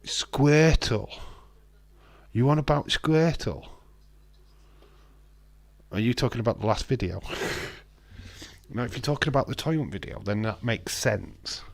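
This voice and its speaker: A man's voice: mid-range voice, expressive, measured pace, creaky, long pauses, dry recording. A man hosts a live watch-along stream, commenting casually and bantering with viewers as he reads the chat aloud. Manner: bantering and teasing with viewers, frequent restarts.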